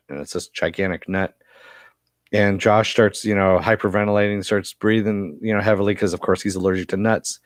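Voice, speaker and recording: A man's voice: fairly low pitch, steady tone, fairly quick, no room sound, clean studio sound. A man with a cough giving a casual, rambling recap of a TV episode, full of fillers. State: has a cough. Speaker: TV episode reviewer.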